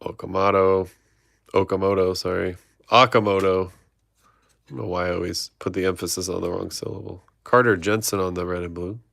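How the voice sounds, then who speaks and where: A man's voice: low voice, level tone, brisk, creaky, a bit bright, no echo, clean studio sound. A man hosting a trading card break, reading off player names and chatting with viewers. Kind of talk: live card-opening stream chat.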